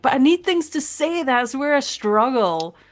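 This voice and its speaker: A woman chats casually on a live stream as co-host, giggling and making fun of herself. Her voice bounces up and down with lively movement. Soft music plays faintly underneath. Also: high voice, measured pace. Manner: giggly, self-mocking. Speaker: co-host of a paranormal podcast.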